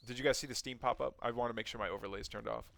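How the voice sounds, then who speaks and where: A man giving relaxed color commentary on a strategy game match, often hesitating and hedging his opinions. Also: mid-range voice, very fast, vocal fry, no room sound. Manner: relaxed, hesitant, many ums and likes. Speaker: co-caster.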